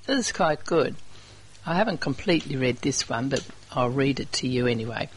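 A community radio presenter, chatting casually between songs and reading out local notices in an unhurried way with small hesitations. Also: mid-range voice, animated, a little hiss or hum, low-quality recording.

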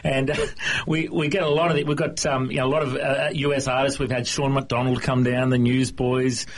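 A man's voice: medium pitch, flat delivery, a little fast, slight background noise. A man with an Australian accent, hosting a live radio interview in a friendly, easy-laughing way. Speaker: radio host.

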